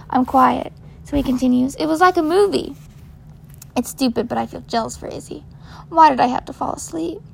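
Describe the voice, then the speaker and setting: A woman reading a first-person story in a child's voice, gentle and measured. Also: sits high, gravelly, breathy edge. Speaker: narrator.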